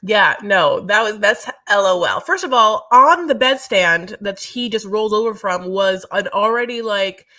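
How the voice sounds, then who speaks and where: Woman co-host, chatty recap, bright crisp tone, effusive. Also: medium pitch, animated, a little slow, hardly any pauses. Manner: gushing, chatty, lots of fillers. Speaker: podcast co-host. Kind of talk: casual reality-TV recap chat.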